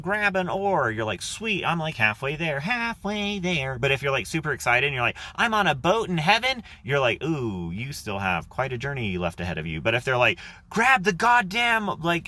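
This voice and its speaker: A man's voice: lowish voice, bright, forceful tone. Rambling man streaming live on a phone. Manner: casual, rambling, swears. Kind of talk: live stream reading and chat. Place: outdoors.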